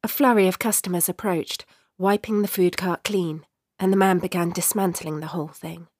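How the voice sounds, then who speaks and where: A woman narrating a short story in a measured, expressive way. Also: on the low side, no room sound, clean studio sound.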